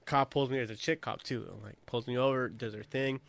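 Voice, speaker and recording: A man's voice: mid-range voice, fairly even intonation, a little fast, creaky, no room sound. A young man from California telling a profane, laughing anecdote in a casual chat.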